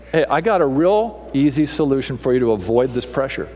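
A middle-aged man preaching a sermon as pastor, animated and theatrical, acting out people's voices to make his points. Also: a little fast, hardly any pauses, in a large hall. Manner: animated, mimics people with raised pitch and punchy delivery.

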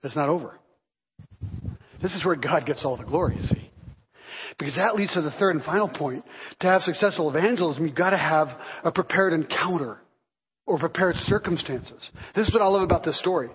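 A man's voice: fairly high pitch, a little fast, husky. A man preaching a sermon as pastor, telling stories and acting out the voices of people in them. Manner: animated storytelling, acting out voices. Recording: dull reverberant hall recording.

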